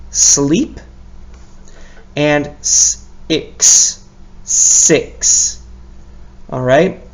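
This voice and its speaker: Slow, gravelly-voiced male teacher. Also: mid-range voice. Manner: patient, sounds out letters and praises often. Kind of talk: recorded lesson for young children.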